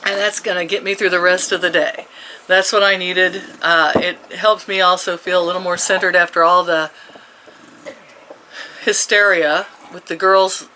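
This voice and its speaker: Woman, 60s, vlogger; bright, forceful tone, rambling chatty delivery with frequent chuckles. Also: on the low side, steady tone, moderate pace, slight background noise, low-quality recording. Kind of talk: casual chat.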